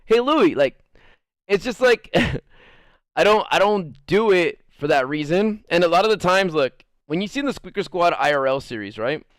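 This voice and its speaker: Man, streamer, casual rambling stories, profane, fairly high voice, dry close sound. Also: expressive, moderate pace, fairly bright tone, dry recording. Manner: rambling, profane, acts out quotes in jumping voices. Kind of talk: casual storytelling to live chat.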